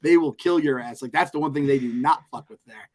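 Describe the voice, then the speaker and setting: A man co-hosting a podcast in casual chat, animated, profane and joking. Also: mid-range voice, brisk. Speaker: podcast co-host.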